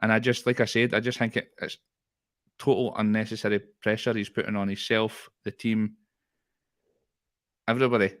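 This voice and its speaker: A man with a Scottish accent co-hosting a casual football podcast, talking in a lively, rambling way with frequent laughs and restarts. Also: fairly low pitch, normal speed, pauses often. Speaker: podcast co-host.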